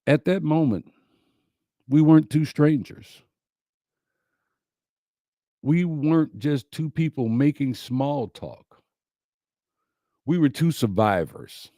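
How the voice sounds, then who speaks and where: A man hosting a talk, speaking slowly and emphatically, repeating his key lines to his listeners. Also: fairly high pitch, expressive, dark tone, dry recording, studio quality. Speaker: host. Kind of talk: inspirational talk to a live audience.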